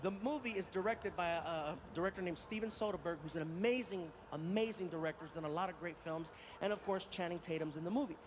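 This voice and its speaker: A male stand-up comedian telling a long story, animated and acting out every voice. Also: sits high, quick pace, few pauses. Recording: noisy live stand-up recording.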